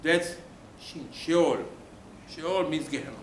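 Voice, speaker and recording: A man's voice: fairly high pitch, slow. A man, a rabbi, giving an emphatic Torah sermon, firing rhetorical questions at his listeners and dropping suddenly to a near-whisper. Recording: roomy room with faint ambient noise.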